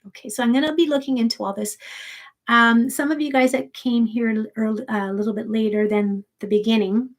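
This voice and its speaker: A woman hosting a livestream, chatting casually with viewers in a soft, rambling way, grieving and holding back tears. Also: on the high side, fairly even intonation, fairly quick. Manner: soft-spoken, rambling with many restarts. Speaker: sleep story channel host.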